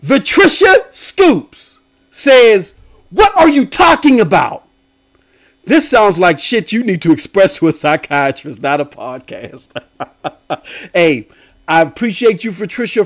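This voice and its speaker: A young man hosting a gaming live stream, ranting loudly and laughing often as he swings between shouts and low mumbles. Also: sing-song, a little slow. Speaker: game streamer and podcast host.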